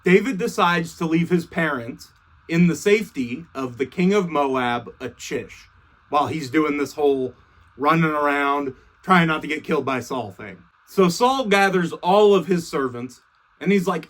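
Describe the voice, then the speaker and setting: A man's voice: high voice, very animated, unhurried, a bit bright. A young man casually retelling a story in slang, swearing freely and offhand.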